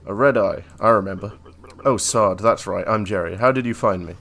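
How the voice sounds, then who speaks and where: A man's voice: fairly low pitch, moderate pace, gravelly, a bit bright. A man reading a bossy amnesiac talking skull. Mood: puzzled.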